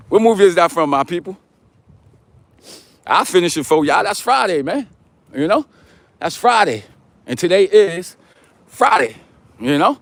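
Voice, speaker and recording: A man's voice: high voice, animated, moderate pace, pauses often. A middle-aged man, hosting a livestream and chatting casually and in slang straight to his viewers. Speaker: livestream host. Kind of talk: casual chat to a live chat.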